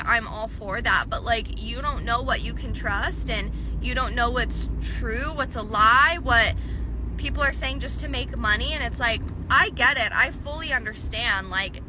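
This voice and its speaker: A woman venting in a vlog from her car in traffic, frustrated and swearing, rambling with many fillers. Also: on the high side. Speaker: vlogger. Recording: noisy car recording.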